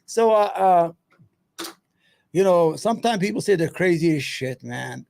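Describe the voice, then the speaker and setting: A man with a notably high-pitched speaking voice and a gravelly edge hosts his own channel. He rambles casually, swears freely and mutters to himself while he hunts for clips, then launches back into his opinions. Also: lively intonation, unhurried, a little mellow. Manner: loose, profane, muttering to himself between points. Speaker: solo commentary host.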